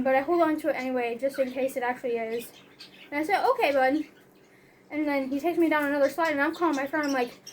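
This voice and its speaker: A woman's voice: high-pitched, a little hiss or hum. A young woman telling a story in a casual, rambling way, filling her talk with "like" and "you know".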